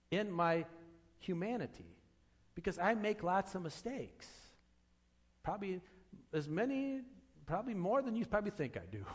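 A man preaching a sermon as pastor, earnest, asking rhetorical questions and repeating phrases for emphasis. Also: fairly high pitch.

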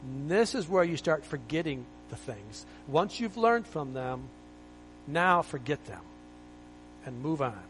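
A man's voice: a little high, sing-song, a little slow, fairly bright tone, soft background music, rough recording. A man preaching a sermon as pastor, emphatic and exhorting, full of rhetorical questions.

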